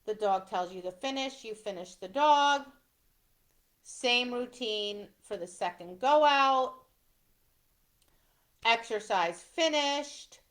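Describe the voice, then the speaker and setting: Middle-aged woman instructor, slightly high voice, slow and deliberate, walking through ring procedure and checking in with "right?". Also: expressive, fairly bright tone. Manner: explains step by step, often adds "right?". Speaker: dog obedience instructor. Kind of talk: instructional talk.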